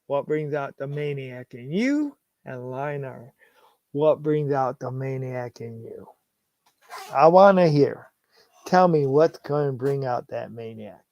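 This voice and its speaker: Slow-talking man on a dull lo-fi stream. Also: medium pitch, a little mellow, dry recording. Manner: reads viewer comments aloud, laughing often; halting, restarts phrases. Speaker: sports livestream host. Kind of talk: casual livestream chat. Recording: dull lo-fi sound.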